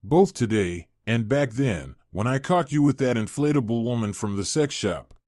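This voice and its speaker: A composed young wife from a storybook who needles her husband in an even, unflustered way, read by a man who lifts his voice slightly. The delivery is lively in pitch. The sound is dry and close. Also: normal speed, no room sound, natural voice. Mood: calm, teasing. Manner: calm and teasing. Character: calm, witty young wife.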